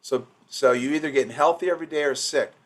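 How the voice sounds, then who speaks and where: A man running a loose training session for office staff over a recorded call. He talks in a rambling way, restarting sentences and slipping into quick impressions of patients. His voice sits at an ordinary middle pitch. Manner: rambling, with many restarts and acted-out patient quotes.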